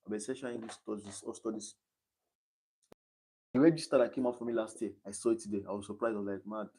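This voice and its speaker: Teen Nigerian guy, low mellow voice, livestream study session, thinks aloud. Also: fairly even intonation, quick pace, husky. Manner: thinks aloud, reading quiz options aloud and chatting between them. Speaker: exam candidate streaming his study session. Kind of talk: casual livestream tutoring.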